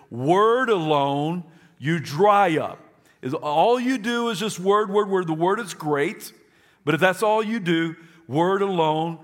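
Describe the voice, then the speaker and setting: A pastor's sermon in church is emphatic and full of repetition, with the congregation prompted to echo his phrases. He speaks in a slightly high, somewhat bright voice.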